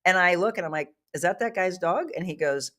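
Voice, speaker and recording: A woman hosting a live talk show, telling a story in a lively way and laughing often. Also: lowish voice, brisk. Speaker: host.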